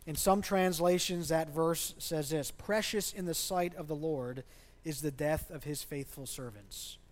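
A man's voice: fairly high pitch, measured pace. A man preaching a sermon as a pastor in a church, speaking conversationally and asking the congregation questions. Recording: long reverb of a large hall.

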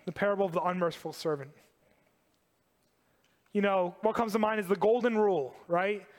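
A man preaching a sermon to a congregation, animated and emphatic, repeating key phrases. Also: high voice, normal speed, big-room sound. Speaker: pastor.

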